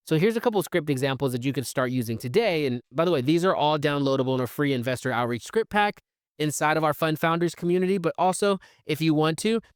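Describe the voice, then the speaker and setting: A man hosts a solo podcast in a smooth, somewhat high voice, recorded in clean studio sound with no echo. He talks casually with fillers and restarts, animatedly acting out the conversations he describes.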